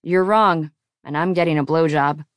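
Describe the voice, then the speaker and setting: Woman reading as cocky teasing guy, lowish voice, bone dry recording. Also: moderate pace, no echo, close to an everyday voice. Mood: smug teasing. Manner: dry, smug banter. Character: teasing, confident grown man, playful lover.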